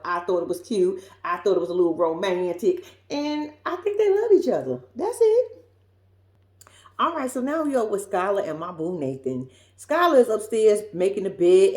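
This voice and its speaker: A woman talks through a reality show episode with blunt, sassy, profane asides. Her pitch jumps around a lot. The room around her is echoey. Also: warm tone. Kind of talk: casual reality-show recap. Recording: roomy echo.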